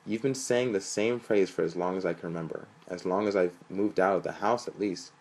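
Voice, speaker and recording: Chatty, melodic middle-aged mother, played by a man who raises his gravelly, low voice into a sing-song tone. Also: fairly quick, darkish tone. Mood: amused.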